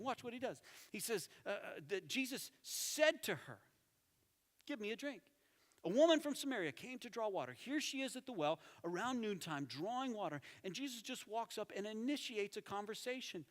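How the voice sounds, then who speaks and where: A man preaching a sermon as lead pastor, animated, with emphatic repetition and quieter, intense passages. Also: high voice. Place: church sanctuary. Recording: church hall with long reverb.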